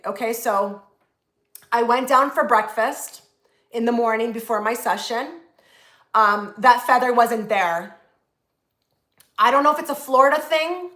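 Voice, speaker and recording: A woman talks loosely and at length to her live-stream viewers, full of fillers and restarts. Her voice is bright and sits a little high. The room around her is echoey. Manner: chatty, rambling, lots of "like" and restarts. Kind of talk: casual live-stream chat. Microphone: phone.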